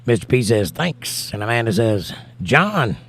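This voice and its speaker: A man's voice: lowish voice, very animated, unhurried, fairly bright tone, husky. Tired American man reading stream chat. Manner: reads viewer comments aloud and answers them. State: tired, has not slept. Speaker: livestream host reading chat. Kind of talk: casual livestream chat.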